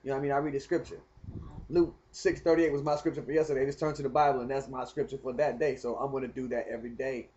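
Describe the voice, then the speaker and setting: A man telling a rambling personal story in casual, animated talk. He speaks straight to the viewer and keeps asking whether they follow. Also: medium pitch, fast talker, lo-fi sound, a little hiss or hum. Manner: animated, talks straight to the viewer, keeps asking "you know what I mean". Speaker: vlogger telling his story.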